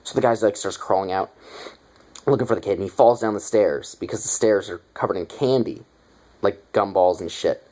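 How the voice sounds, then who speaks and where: A man giving a casual, rambling movie review, excited and swearing a lot. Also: lowish voice, moderate pace.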